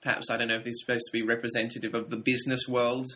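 A man co-hosting a casual film podcast, talking in a thoughtful, measured way with slight hesitations. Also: medium pitch, flat delivery, fairly bright tone. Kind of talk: casual film review chat.

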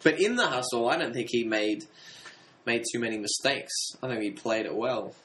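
Man, podcast co-host, hesitant, thoughtful, bright forceful voice, average pitch. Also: animated, normal speed, rough recording. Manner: hesitant, thoughtful, frequent fillers. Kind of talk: casual film review chat.

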